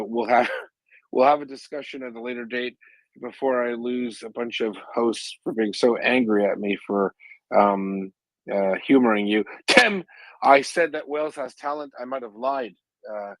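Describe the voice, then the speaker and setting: A man's voice: medium pitch, no room sound, rough recording. A man with a Canadian accent hosting a casual live audio chat, teasing and sarcastic. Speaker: host.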